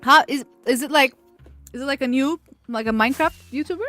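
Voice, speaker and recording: A woman with a high voice, playing a block-building game with friends. She talks playfully and keeps pressing her questions. Soft music plays faintly behind her. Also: brisk. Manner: playful, insistent, repeats questions. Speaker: fellow player. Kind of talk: casual gaming chat.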